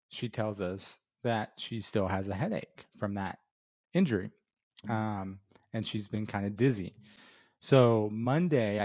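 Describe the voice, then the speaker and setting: With a lowish, slightly mellow voice, a middle-aged man from Florida tells a loose, rambling story on his beer review show. Fillers and restarts pile up until he finally gives the beer his rating.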